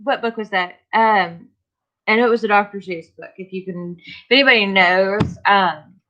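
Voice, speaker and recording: A tired, yawning woman hosting a casual livestream, chatting slowly and greeting viewers by name. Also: medium pitch, sharp tone, highs cut off. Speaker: livestream host of a vinyl crafting channel.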